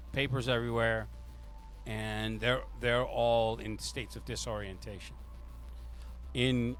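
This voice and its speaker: A man running a tabletop game as game master, narrating in a loose, improvised, halting way. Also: medium pitch, a bit bright.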